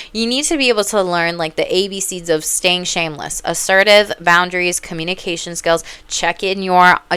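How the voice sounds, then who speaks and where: A young woman gives life advice as a psychic coach, blunt and sassy, with swearing and loud outbursts of emphasis. Her voice is bright and crisply clear. It is recorded close up in a dry room. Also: on the low side, dry recording. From Minnesota. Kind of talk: casual advice monologue.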